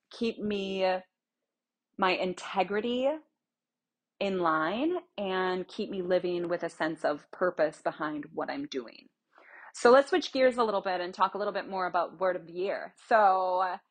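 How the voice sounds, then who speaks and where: A young woman hosting a casual solo podcast, chatty and rambling, explaining things through everyday examples. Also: on the low side. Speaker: podcast host.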